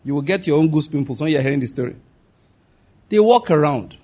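A male pastor preaching a sermon, emphatic, reading scripture slowly and repeating key phrases. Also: fairly high pitch, expressive, darkish tone.

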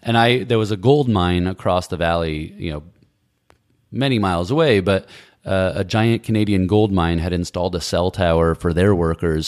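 A man's voice: deep voice, creaky, a little mellow, no echo, clean studio sound. A man in his forties recalling his past, telling it in a meandering, reflective way with many restarts. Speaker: guest recalling Peace Corps service. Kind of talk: casual conversational storytelling.

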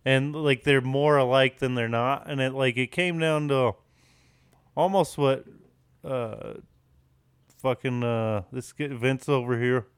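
A man chatting casually on a podcast, words loose and full of fillers. His voice is smooth and resonant, recorded close and dry with no room sound. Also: mid-range voice, steady tone, slow, no echo. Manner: rambling, many fillers, swears freely. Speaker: podcast co-host. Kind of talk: casual chat.

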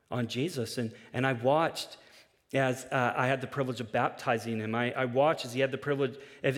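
A man, a pastor preaching a sermon and telling a story earnestly, with repeated restarts. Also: medium pitch. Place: large church hall. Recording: long hall reverb.

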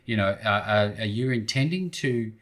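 A man with a fairly low voice hosts the interview. He encourages his guest with short replies and asks his questions in a meandering way, full of fillers. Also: normal speed, a bit bright. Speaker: podcast host. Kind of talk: interview host.

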